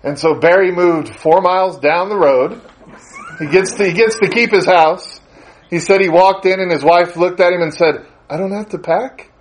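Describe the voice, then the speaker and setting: A man delivering a sermon in a relaxed, storytelling manner. His voice sits a little higher than most men's. He speaks conversationally, with ums and small chuckles as he relays the story. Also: normal speed, rough recording. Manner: conversational, anecdotal, with frequent fillers and chuckles. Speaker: preacher.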